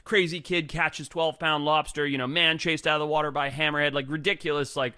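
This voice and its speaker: A man's voice: a little high, fairly quick, clear, resonant tone, no echo, clean studio sound. A man, a guest on a podcast, telling casual stories full of swearing, saying "like" constantly and acting out the people he quotes. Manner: profane, animated, acts out quoted people; heavy use of filler "like". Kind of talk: casual storytelling.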